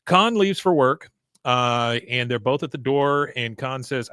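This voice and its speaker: A man's voice: mid-range voice, measured pace, a bit bright, smooth, dry recording, studio quality. A man co-hosting a podcast, casually recapping an episode and acting out the characters' lines. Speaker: podcast co-host.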